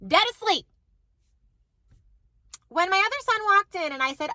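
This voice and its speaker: A woman's voice: very high voice, animated, unhurried, long pauses, bright, forceful tone, no room sound, poor audio. A woman, telling a story to the camera in a chatty way, with lots of "like". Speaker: mom vlogger. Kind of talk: casual chat to camera.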